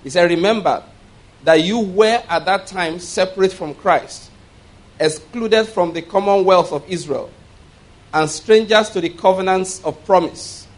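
A man with a high voice speaks a little slowly as a pastor delivering a sermon. He reads scripture aloud, explains it line by line, and has the congregation repeat words back in call-and-response, checking in with "all right?"

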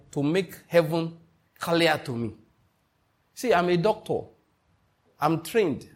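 A man preaching a sermon as pastor, stressing points and asking the congregation questions. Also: a little high. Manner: emphatic preaching with call-and-response questions.

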